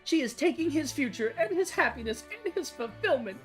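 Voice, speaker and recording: A woman doing a pompous lovesick lady, high lilting voice, theatrical game dialogue, dreamy grandeur. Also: animated, brisk, faint music behind. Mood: aggrieved. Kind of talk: game dialogue read aloud.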